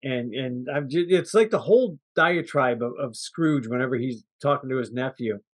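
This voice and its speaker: A man co-hosting a movie podcast, telling stories in a casual, animated way and laughing often. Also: mid-range voice, moderate pace. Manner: animated storyteller, laughs often, acts out quotes. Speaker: podcast co-host. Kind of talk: casual chat.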